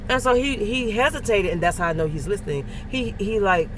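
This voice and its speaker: A woman's voice: mid-range voice, lively intonation, brisk, background noise. A middle-aged woman, a first grade teacher, talking in a casual, emphatic vlog style and repeating phrases for stress. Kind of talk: casual faith-filled vlog talk.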